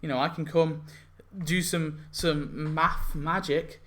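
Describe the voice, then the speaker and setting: A man voicing a sheepish male children's entertainer who offers his act to families in a slow, hesitant, coaxing way. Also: fairly high pitch, flat delivery. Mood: pleading.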